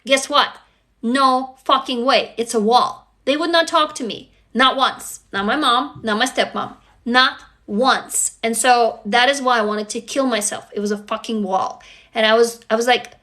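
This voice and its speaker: Intense high-voiced woman. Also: a little slow, pushed and bright. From Russia. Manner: raw, intense, profane, repetitive. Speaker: livestream host. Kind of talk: emotional livestream monologue.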